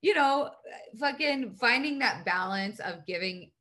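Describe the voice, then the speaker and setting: A woman's voice: fairly high pitch, a little slow. A woman speaking as a podcast guest, telling candid personal stories in casual, profane conversation. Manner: candid, profane, animated storytelling.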